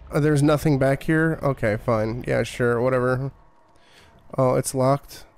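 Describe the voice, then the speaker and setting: A man's voice: mid-range voice, slow pace, pauses often, a little mellow. A man streaming a horror game, commenting in a profane, sarcastic and irritated way. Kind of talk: live gameplay commentary.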